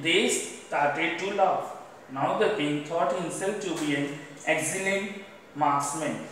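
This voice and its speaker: A man's voice: on the high side, fairly bright tone, a little hiss or hum. A man with an Indian English accent, teaching a class by reading a story aloud, stopping to tell students which words to underline and what they mean. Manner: repeats "underline the word" between sentences. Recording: echoey room, voice far from mic.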